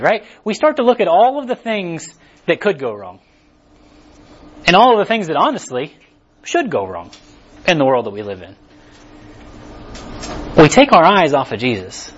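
Husky casual preacher man. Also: on the high side, moderate pace, pauses often, dull audio. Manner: casual, animated, acts out inner voices. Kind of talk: conversational sermon.

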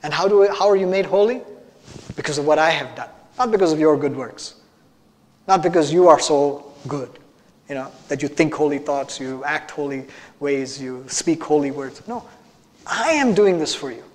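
A man preaching to his congregation, his fairly high voice climbing through repeated phrases to forceful peaks. The sanctuary around him carries a long, lingering reverb. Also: moderate pace. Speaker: pastor. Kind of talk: sermon. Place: church sanctuary.

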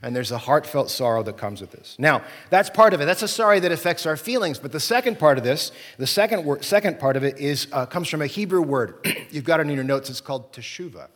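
Male pastor, slightly high voice, conversational sermon, long hall reverb. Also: expressive, fast talker. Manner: conversational preaching with frequent "right?" and "okay?".

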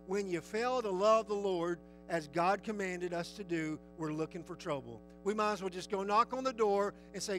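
A man preaching a sermon, earnest and folksy, who slows down to read scripture aloud. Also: high-pitched, fairly bright tone, soft background music, rough recording. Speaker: pastor.

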